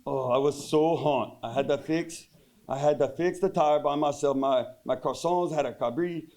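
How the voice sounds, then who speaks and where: A man's voice: fairly high pitch, normal speed, darkish tone, natural voice. Give me a man playing a fussy, exasperated girlfriend in a raised voice, rattling off local slang. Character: exasperated Cajun girlfriend, young woman, fussy.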